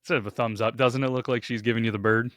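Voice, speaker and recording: A man's voice: mid-range voice, fairly even intonation, racing, fairly bright tone, no room sound, studio quality. A man co-hosting a podcast, chatting casually and imitating sounds as he describes things. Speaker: podcast co-host. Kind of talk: casual chat.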